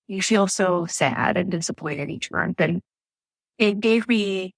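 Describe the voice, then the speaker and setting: A woman's voice: medium pitch, takes it slowly, vocal fry, dry recording. Woman nurse on a podcast, just chatting her story, lots of ums and likes, dry sound. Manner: chatty, with frequent fillers. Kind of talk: casual storytelling interview.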